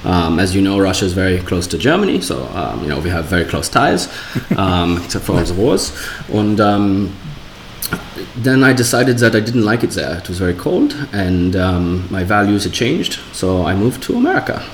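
A man's voice: deep voice, very animated, moderate pace, roomy sound, slight background noise. A young man chatting casually as a guest, joking and self-deprecating. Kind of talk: casual chat.

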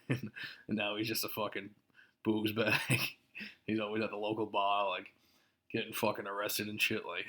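A man with a lowish voice rants on his podcast. He swears freely and laughs at his own lines as he gets worked up. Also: pushed and bright. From Massachusetts. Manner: profane, laughing, worked-up ranting. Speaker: podcast host. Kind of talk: casual ranting podcast monologue.

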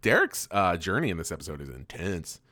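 A man co-hosting a casual podcast, recapping a cartoon episode with frequent laughter and quick silly voices for the characters. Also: low voice, huge pitch swings, sharp tone, no echo. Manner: laughs often, loose and profane, acts out lines in quick silly voices. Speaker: podcast co-host.

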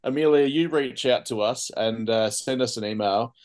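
An Australian man co-hosting a casual sports podcast, talking hesitantly with many pauses and ums. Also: mid-range voice, darkish tone. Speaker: podcast co-host. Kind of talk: casual chat.

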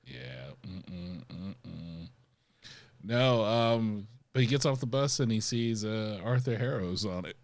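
A man co-hosts a casual podcast chat, offering short, dry remarks. His voice sits fairly low. The recording is dry and close, with no room echo. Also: animated, slow. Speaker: podcast co-host. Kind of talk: casual chat reviewing a TV episode.

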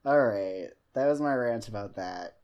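Brief: woman podcast host, very deep voice, swears freely, animated rants. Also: unhurried, muffled recording. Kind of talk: casual podcast chat.

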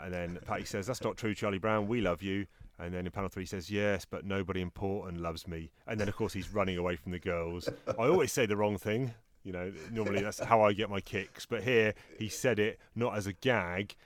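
Low-voiced man, dry close recording. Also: no room sound. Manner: easygoing storytelling with chuckles while reading out strips. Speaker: podcast co-host. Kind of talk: casual podcast chat.

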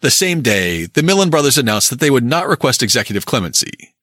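A man's voice: mid-range voice, fast, no room sound, clean studio sound. A man narrating a scripted true-crime history and reading old newspaper accounts aloud. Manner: lively storytelling, quotes old newspaper accounts.

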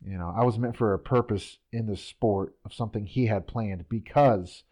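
A man's voice: lowish voice, normal speed, a little mellow. Easygoing male athlete guest. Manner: easygoing, laughs often, says man and dude. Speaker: professional Highland Games athlete guest. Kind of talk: casual interview chat.

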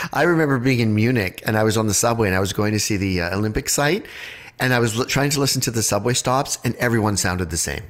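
A man's voice: mid-range voice, lively intonation, a little fast. A man co-hosting a podcast, chatting casually and reacting to stories. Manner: responsive, chatty. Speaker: podcast co-host. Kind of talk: casual chat.

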